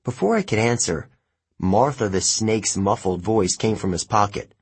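A man reading an audiobook in a measured, plain storytelling way. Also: lowish voice, expressive, slightly rough. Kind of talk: audiobook narration.

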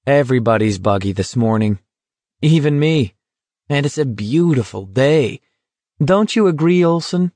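A man's voice: medium pitch, expressive, normal speed, a little mellow, no echo, voice pushed up, natural voice. Man doing a sardonic, needling young man. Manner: teasing, sing-song baiting.

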